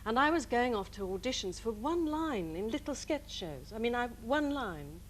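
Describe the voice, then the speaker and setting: English woman, animated comic raconteur, high voice. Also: normal speed, a little hiss or hum, low-quality recording. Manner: lively comic storytelling with put-on voices. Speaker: guest comedian. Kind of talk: chat show anecdote.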